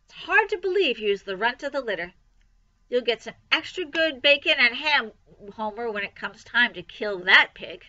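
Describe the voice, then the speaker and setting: A matter-of-fact male farmer from a children's storybook, as a woman reads him. The tone is bright and the recording slightly muffled. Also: fairly high pitch, expressive, moderate pace. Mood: plain. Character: plain-spoken male farmer.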